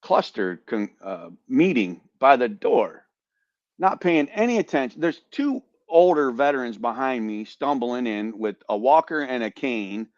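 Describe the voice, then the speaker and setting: A man on a podcast telling a story in a casual, animated way, swearing and repeating words as he goes. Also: mid-range voice, a little slow, dry recording, highs cut off. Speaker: podcast host, veteran.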